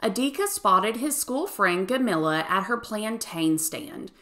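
A third grade teacher reads a picture book aloud to children. Her pitch moves in a lively, animated way around an ordinary middle register. The telling is expressive and clear. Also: measured pace. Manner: expressive storytelling.

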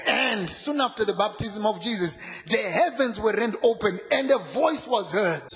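Pastor, male, fervent sermon delivery, rises into shouts, echoey hall. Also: sits high. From Zimbabwe. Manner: fervent preaching, rising into shouts and sung phrases.

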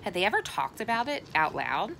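A woman's voice: medium pitch, fairly quick, creaky, slight background noise. A woman reading a novel aloud in a casual way, correcting her slips as she goes. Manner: casual, self-correcting, with lively voices for dialogue. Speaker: reader. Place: outdoors, cold and windy.

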